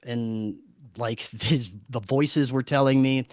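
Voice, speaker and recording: A man's voice: medium pitch, fairly even intonation, slow pace, a little mellow, no echo, clean studio sound. A man guesting on a podcast, telling a story casually and animatedly, swearing freely and acting out the dialogue.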